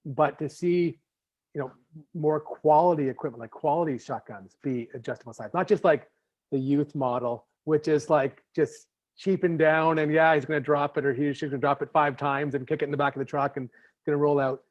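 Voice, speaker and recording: A man's voice: fairly high pitch, steady tone, a little fast. A man from Canada hosting a podcast interview in casual chat, rambling with many fillers and restarts. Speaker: podcast host. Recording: slightly muffled lo-fi audio.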